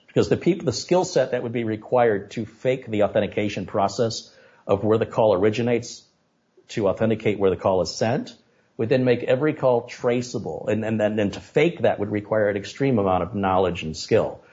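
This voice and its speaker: A man being interviewed on a podcast, telling stories and making animated, opinionated points. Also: fairly low pitch, a little fast, highs cut off. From United States. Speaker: guest, tech video maker.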